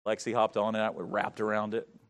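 A middle-aged man preaching, telling a story with big swings from shouting to hushed tones. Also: fairly low pitch, level tone, a little fast. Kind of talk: sermon storytelling.

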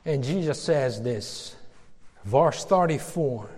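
A male preacher giving a sermon, slow and emphatic, with dramatic pauses. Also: medium pitch, expressive, darkish tone, in a large hall.

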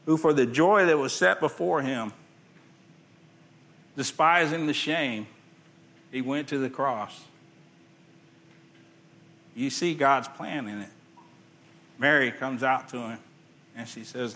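Male pastor, slightly raised pitch, sermon delivery that rises for emphasis and drops to a hush when quoting scripture. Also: expressive, a little slow, long pauses. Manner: preaching with big swings between loud emphasis and hushed quotes; reads scripture aloud in old-fashioned wording.

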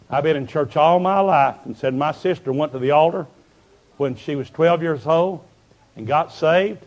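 Male revival preacher, folksy storyteller, a bit high-pitched. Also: darkish tone, rough recording. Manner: folksy, quotes people in dialogue, dramatic dips and rises.

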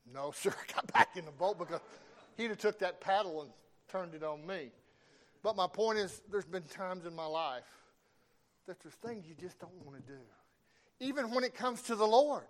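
A man's voice: sits high, expressive, normal speed, a bit bright. A middle-aged man preaching a sermon, telling folksy stories and calling out for amens.

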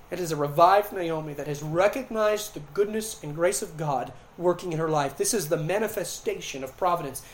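Preacher giving an impassioned sermon. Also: male voice, on the high side, low-quality recording. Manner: impassioned preaching with dramatic retellings of scripture. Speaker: pastor.

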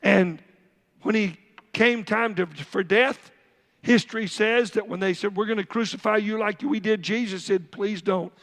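A pastor with a high, gravelly voice preaches a sermon to his congregation. He asks them questions as he goes, and his words ring out with a long reverb through the church sanctuary. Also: fairly even intonation, unhurried, a bit bright.

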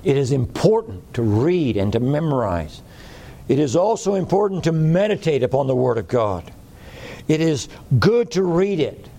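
A man's voice: on the high side, big pitch swings, normal speed, vocal fry, mellow. A man preaching a sermon in a folksy way, repeating phrases for emphasis.

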